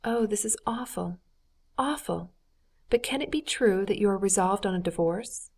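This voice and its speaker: A woman's voice: mid-range voice, a little fast, darkish tone, lightly acted. Woman reading a pleading, distraught noblewoman. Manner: earnest, pleading, raised and tearful. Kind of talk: audiobook character reading.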